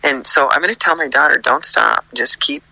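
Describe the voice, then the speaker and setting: A woman's voice: low voice, lively intonation, brisk, vocal fry, bright, forceful tone, low-quality recording. An older woman and grandmother chatting casually, telling frank stories with an indignant edge. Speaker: podcast co-host. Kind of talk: casual chat.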